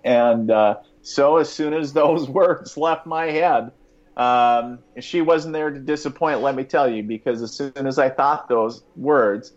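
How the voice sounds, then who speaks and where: A man with a mid-pitched voice tells a personal story in a loose, rambling way, full of fillers and quick chuckles. The sound is dull and lo-fi. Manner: rambling, many fillers and restarts, chuckles often. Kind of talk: casual spoken storytelling.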